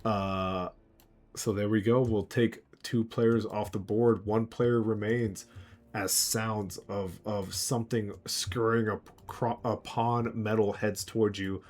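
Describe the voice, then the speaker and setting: A man's voice: on the low side, fairly even intonation, slow, a little mellow. Playful man running a tabletop game. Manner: playful, laughs often. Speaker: game master.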